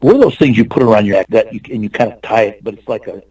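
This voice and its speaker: A man's voice: on the low side, rapid-fire, warm tone, breathy edge, low-quality recording. An older man, an actor and stuntman, telling long rambling anecdotes in a casual interview and acting out the lines of the people in them. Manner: rambling anecdotes with restarts and acted-out quotes.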